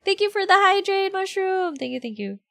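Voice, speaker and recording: A woman's voice: very animated, fairly quick, vocal fry, a bit bright, dry recording. Bubbly woman streamer. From Philippines. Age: 20s. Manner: chatty, bubbly, lots of fillers and sudden high exclamations. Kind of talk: casual livestream chat. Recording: background music playing.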